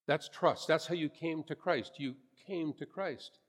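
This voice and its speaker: A man's voice: a little high, a little slow, long reverb tail. A man preaching a sermon as a pastor, earnest and emphatic, repeating his phrases for weight.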